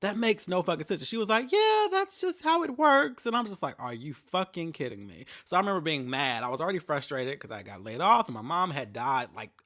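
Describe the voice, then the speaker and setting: Young guy ranting on his podcast, cussing a lot, bright voice that jumps all over, does little mocking voices. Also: on the high side, fast talker, hardly any pauses. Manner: profane, animated storytelling with mocking voices. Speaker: podcast host. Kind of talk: casual solo rant.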